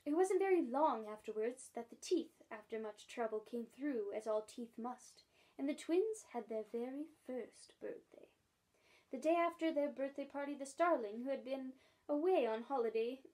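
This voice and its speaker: A woman's voice: high-pitched, normal speed, low-quality recording. Woman librarian reading aloud to children. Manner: warm, encouraging, expressive. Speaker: school librarian.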